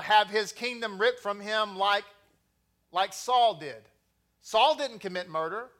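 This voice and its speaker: A middle-aged man giving a sermon on scripture, mixing in personal stories and growing loud and animated as he tells them. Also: high voice. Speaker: teacher of scripture.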